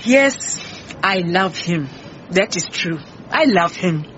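A defensive, brusque head cook, slightly muffled radio-drama sound. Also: female voice, fairly low pitch, lively intonation, takes it slowly, a bit bright, a little hiss or hum. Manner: brusque, indignant.

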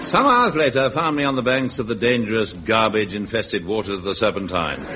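A man's voice: lowish voice, lively intonation, a little fast. Man in a mock-heroic comedy narration. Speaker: comic narrator and lead. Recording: dull old radio recording with heavy hiss.

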